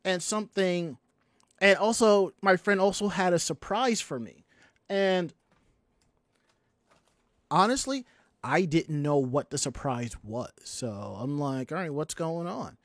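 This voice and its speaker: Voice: medium pitch, slow pace, long pauses, dry recording. Podcast host; loose, rambling chat, dry close-mic read. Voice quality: rambling, many restarts. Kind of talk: casual chat.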